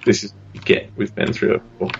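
A man co-hosting a podcast, chatting casually and making dry, teasing jokes. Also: fairly quick. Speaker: podcast co-host. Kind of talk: casual chat. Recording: dull lo-fi sound, faint noise.

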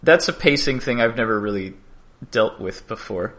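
A man's voice: fairly low pitch, animated, normal speed, a bit bright. A man co-hosting a casual podcast, chatting about game design and laughing often. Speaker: podcast co-host.

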